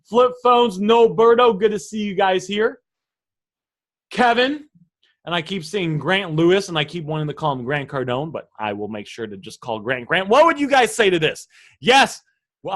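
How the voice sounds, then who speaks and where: He is a male sales coach with a high, bright, forceful voice. He talks straight to his live viewers, pushing his points with emphatic energy. He keeps pulling them in with direct questions. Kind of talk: live online sales lesson.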